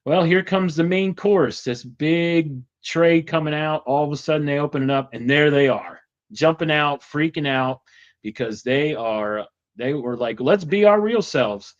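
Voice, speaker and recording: A man's voice: on the high side, measured pace, muffled recording. A man casually retelling a cartoon episode as a show host, chatty and rambling with lots of fillers.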